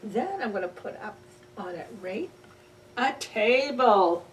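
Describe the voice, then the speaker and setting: A woman's voice: medium pitch, sing-song, slow pace. A woman librarian reading a picture book aloud to children in a playful way, with animal sound effects. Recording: distant mic with faint ambient noise.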